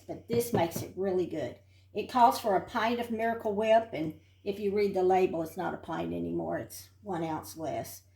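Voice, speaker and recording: A woman's voice: mid-range voice, gravelly, a little mellow. An older woman from Texas giving a chatty, homey tour of her house and showing a recipe in her kitchen. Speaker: home cook and host. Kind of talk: casual home tour and cooking demo. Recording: roomy sound from off-mic.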